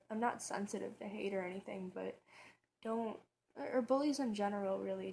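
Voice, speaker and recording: A woman's voice: mid-range voice, vocal fry, darkish tone, slight background noise. A woman vlogger talking casually in her bedroom, rambling and chatty, with lots of fillers and restarts. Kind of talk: casual tag video chat.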